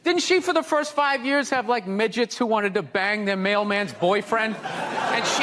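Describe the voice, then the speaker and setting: A man chatting in an interview, joking and ranting in an animated way. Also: sits high, measured pace, a crowd in the background, noisy background. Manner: joking, profane, animated rant. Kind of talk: casual interview chat.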